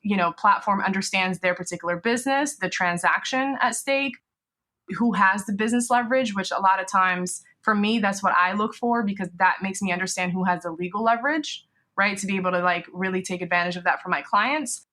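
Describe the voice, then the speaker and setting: A woman's voice: mid-range voice, fairly quick, bright, forceful tone. A woman business lawyer, a podcast guest, explaining legal risks in a conversational way, often adding "you know" and "right?".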